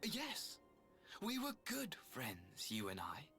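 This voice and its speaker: A woman voicing a scheming young nobleman as whispered role-play, slow, hushed and breathy. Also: wildly swooping pitch, faint music behind, heavily acted. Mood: coaxing. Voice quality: breathy whisper, deep and gravelly.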